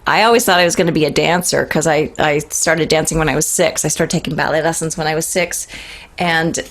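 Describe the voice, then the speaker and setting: A middle-aged woman with a Boston accent joins an interview from home over a remote line. Her voice sits somewhat low, and she talks in a chatty, playful way, laughing often between stories. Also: fairly even intonation, a little fast, fairly bright tone. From Boston, USA. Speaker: guest singer-songwriter. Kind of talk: casual remote interview chat.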